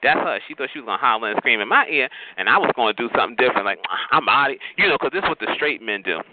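A man calling in to a phone chat line, ranting in a sassy, profane way, peppering his talk with "honey" and "child". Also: very fast. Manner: animated with big pitch jumps and laughs. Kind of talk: casual rant. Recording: tinny noisy phone line.

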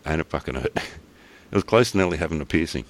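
Very deep and expressive, this Australian podcast co-host's voice moves a little fast as he shares easygoing stories in a casual chat. He laughs frequently and swears casually.

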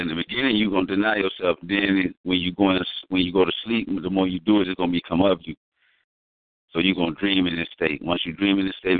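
A man's voice: low-pitched, no echo. A man talking casually in slangy speech, telling stories with emphasis. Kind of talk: casual conversation. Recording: tinny phone-like audio.

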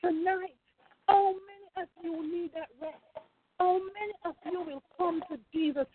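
A woman's voice: extremely high pitch, steady tone, normal speed, background noise. A woman pastor preaching a fervent sermon, repeating phrases and calling out praise. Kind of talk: sermon over a phone line. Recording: tinny phone line.

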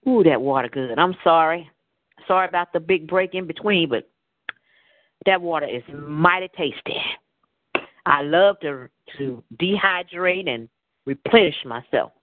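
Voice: mid-range voice, measured pace, no room sound. A call-in radio show host rambling through a casual monologue, blunt and profane in a storytelling way. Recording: dry, phone-like narrowband audio.

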